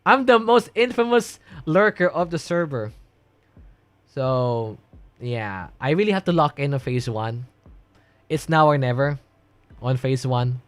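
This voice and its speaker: A man's voice: medium pitch, dry recording. A young man chatting casually on a livestream, reading and answering chat in a rambling way and laughing often. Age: young adult.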